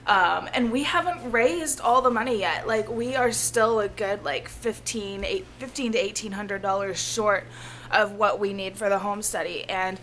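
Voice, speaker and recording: A woman, hoarse and losing her voice, talking casually and earnestly to her viewers in a rambling vlog, often laughing. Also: medium pitch, moderate pace, a bit bright, slight background noise. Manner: rambling, earnest, laughs often, drops to a near-whisper at times. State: losing her voice, feeling ill. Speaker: vlogger.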